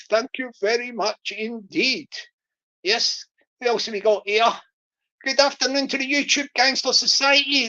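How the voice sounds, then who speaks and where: A woman chatting casually on a livestream, rambling and repetitive, with theatrical, gushing shout-outs to viewers. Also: fairly high pitch, muffled recording.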